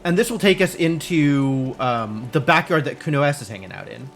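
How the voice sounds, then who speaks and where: A man streaming a video game live, talking through it in an animated, rambling, self-amused way. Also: mid-range voice, normal speed, vocal fry, soft background music. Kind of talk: live gameplay commentary.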